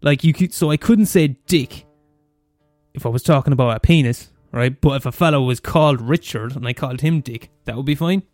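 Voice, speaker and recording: A man's voice: medium pitch, a little mellow, no room sound, faint music behind. Ranting, profane Irish man. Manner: profane, ranting, fast and mumbly. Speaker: podcast host. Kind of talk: casual solo rant.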